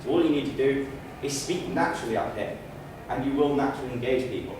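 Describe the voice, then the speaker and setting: A man giving a public speaking training speech on a stage, with wry asides. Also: mid-range voice. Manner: demonstrates loud, soft, slow and fast delivery. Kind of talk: training speech to a live audience. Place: stage in a hall. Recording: echoey room, mic far off, faint noise.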